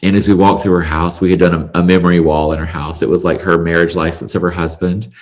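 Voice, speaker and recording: A man with a very deep voice tells a long personal story as a podcast guest. He speaks earnestly and emotionally, with plenty of ums and likes. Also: level tone, fast. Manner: earnest, emotional, chatty with fillers. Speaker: podcast guest, salon owner. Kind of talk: conversational storytelling.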